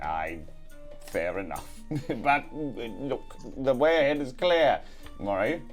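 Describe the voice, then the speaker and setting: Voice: medium pitch, big pitch swings, slow pace, soft background music. A player in a tabletop game, wryly narrating what their character does. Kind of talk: tabletop role-play.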